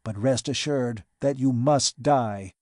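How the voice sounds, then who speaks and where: A man reading an audiobook, voicing a cold, determined man who speaks in grim, forceful declarations. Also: mid-range voice, takes it slowly, no room sound, studio quality, close to an everyday voice. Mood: grim resolve.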